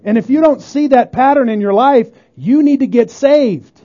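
A pastor preaching a sermon emphatically, often asking the congregation whether they agree. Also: male voice, very high voice, moderate pace, dark tone. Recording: dull lo-fi sermon recording.

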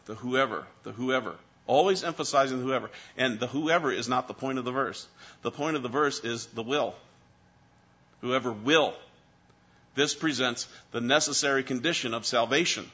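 Emphatic male preacher, bright tone. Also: mid-range voice, dull audio. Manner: emphatic preaching, rising for stress then dropping soft. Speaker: pastor. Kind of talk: sermon.

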